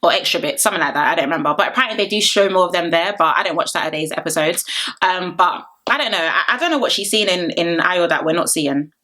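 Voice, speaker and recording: A woman, chatting casually as she recaps a reality dating show for her vlog, animated and laughing often. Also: fairly low pitch, fast talker. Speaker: reality TV reviewer.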